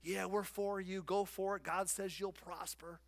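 A man's voice: high voice, fairly even intonation, a little slow. A man acting out a crowd of fawning male court prophets cheering on their king, in an eager cheerleading manner. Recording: long hall reverb.

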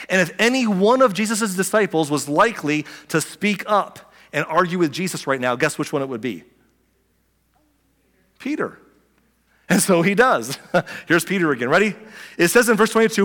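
Male pastor, slightly high voice, animated storyteller, preaching in a reverberant hall. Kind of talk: sermon.

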